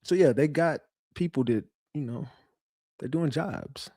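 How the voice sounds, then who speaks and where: A man's voice: medium pitch, lively intonation, a little slow, warm tone, breathy edge, no room sound, clean studio sound. A man hosting his own online show, telling stories to his viewers in a casual, profane, rambling way. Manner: profane, rambling, conversational storytelling.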